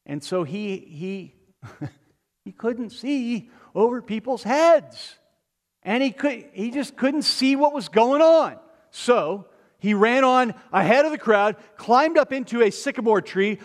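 A man's voice: very high voice, slow pace. Man preaching a sermon in a reverberant hall. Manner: animated storytelling with asides.

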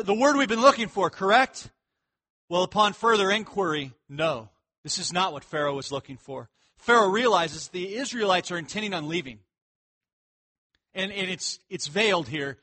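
Male pastor, animated Bible-teaching sermon, high voice, acts out the characters. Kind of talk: expository sermon.

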